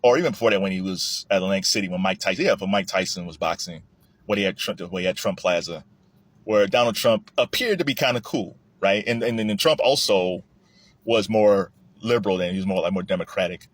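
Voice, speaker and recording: A man giving a casual political commentary monologue, animated and often restarting his sentences. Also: fairly quick, no room sound. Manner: animated, rising high when emphatic, with frequent restarts. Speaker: commentary vlogger.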